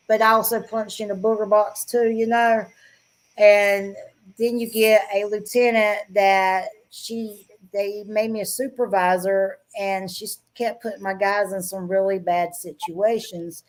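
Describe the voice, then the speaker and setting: Blunt Southern woman telling stories. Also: medium pitch. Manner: blunt, frank, laughs often while telling stories. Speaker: guest. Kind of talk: casual storytelling interview.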